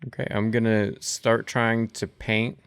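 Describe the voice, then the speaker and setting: A man plays a tabletop horror game with a low, smooth, resonant voice. He talks slowly and plainly, stating what his character does. The sound is dry. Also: flat delivery, a bit bright, no echo. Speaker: player.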